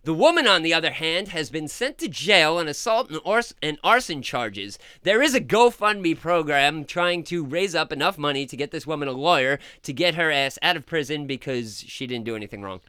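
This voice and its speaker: A male radio host in casual banter, reading odd news stories aloud with animated, joking delivery. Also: a little high, moderate pace, few pauses, clean tone, dry recording, clean studio sound. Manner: animated, joking, loud bursts.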